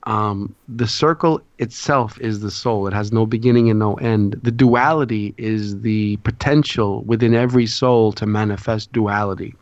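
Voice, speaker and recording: A man's voice: on the low side, steady tone, moderate pace, hardly any pauses, dry recording, dull audio. A man, a podcast guest, explaining symbolism in a lecturing way, often checking in with his listeners.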